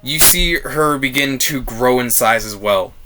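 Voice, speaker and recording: A man narrating a tabletop role-playing game as game master, animated and laughing at times. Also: medium pitch, measured pace, noisy background.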